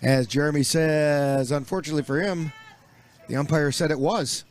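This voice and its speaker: Play-by-play man, slightly higher voice, easygoing folksy baseball calls. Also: normal speed. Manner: relaxed, folksy asides between pitches. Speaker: play-by-play announcer.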